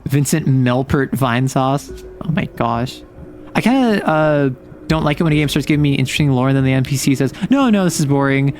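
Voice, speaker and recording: A man's voice: mid-range voice, fairly quick, darkish tone, faint music behind. A man streaming a game and talking through it in a playful, chatty way, reacting to everything with big, exaggerated responses. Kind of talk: casual game commentary.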